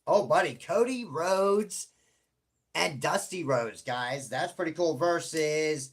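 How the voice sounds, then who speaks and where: A man's voice: a little high, lively intonation, slow, slightly rough. A man hosting a casual vlog, chatty and rambling with many fillers and offhand swearing. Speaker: host. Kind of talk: casual tabletop wrestling draw vlog.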